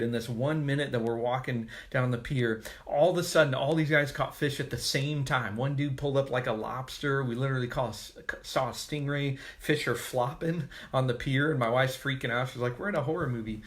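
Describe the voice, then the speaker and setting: A man's voice: mid-range voice, a bit bright. Casual, joking male pastor. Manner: casual, conversational, joking asides. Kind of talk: devotional sermon.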